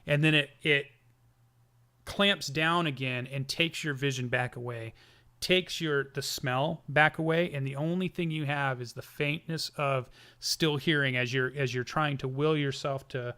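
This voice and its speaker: A man narrating a tabletop game as game master, halting often with ums and restarts. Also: medium pitch, fairly even intonation, pushed and bright, clear, resonant tone.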